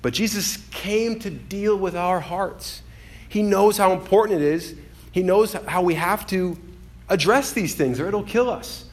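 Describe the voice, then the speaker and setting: Male pastor, lively sermon delivery, slightly high voice, acts out quoted lines. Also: unhurried. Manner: animated, acts out quoted voices, swings from loud to hushed.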